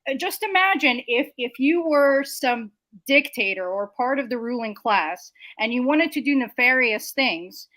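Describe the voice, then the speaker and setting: A woman's voice: sits high, animated, measured pace, fairly bright tone, no echo, poor audio. A woman hosting a political commentary show, making emphatic, indignant points in long lists. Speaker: show host.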